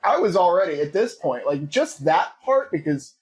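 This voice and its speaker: Husky, lively man reacting bluntly. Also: sits high, normal speed. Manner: blunt, profane, animated reactions. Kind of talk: casual movie discussion chat.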